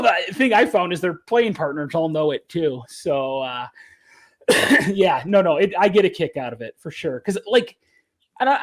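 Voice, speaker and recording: A man talking as an interview guest, a caddie reflecting earnestly and often restarting his sentences. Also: fairly high pitch. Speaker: caddie and author, podcast guest. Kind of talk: casual interview talk.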